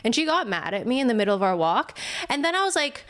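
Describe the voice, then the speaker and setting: A woman's voice: fairly high pitch, big pitch swings, quick pace, fairly bright tone. Reflective, laughing woman guest chatting. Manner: reflective, laughs often, speeds up when retelling stories. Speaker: podcast guest. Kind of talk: casual chat.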